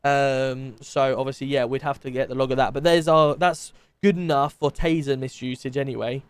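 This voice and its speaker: A man's voice: medium pitch, fairly even intonation, moderate pace, smooth, no echo. A man with a British accent casually commenting on game footage for his stream chat, thinking aloud with plenty of ums and restarts.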